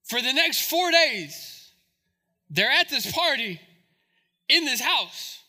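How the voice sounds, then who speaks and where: A man's voice: extremely high pitch, big pitch swings, slow pace, pushed and bright. A male pastor preaching a sermon, with humorous, conversational asides to the congregation.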